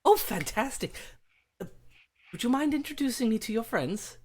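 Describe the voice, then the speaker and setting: A man's voice: very high voice, sing-song, normal speed, a little hiss or hum, pitched above the performer's own voice. A game master voicing a flustered, fussy middle-aged father with a put-on British accent. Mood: fussy, polite.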